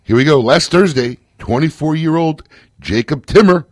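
A man's voice: on the high side, lively intonation, normal speed, dry recording. A man hosting a casual radio talk show, joking, laughing often and telling stories with energy. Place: radio studio.

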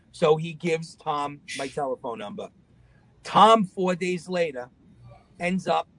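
A lively man tells his story as a guest, and his voice sits a bit high for a man. He jumps into other people's voices as he goes, keeping the telling loose and casual. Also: low-quality recording. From Long Island, New York.

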